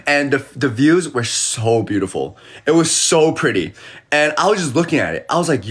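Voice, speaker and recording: A man chatting casually on a phone live stream as an animated storyteller who acts out the people he quotes. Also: mid-range voice, normal speed, slightly rough. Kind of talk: casual livestream chat.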